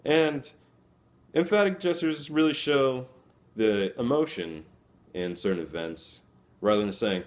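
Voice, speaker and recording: A man's voice: mid-range voice, a little slow, pauses often. A young man giving a casual, conversational explanation as a student presenter, acting out little quoted lines as he goes.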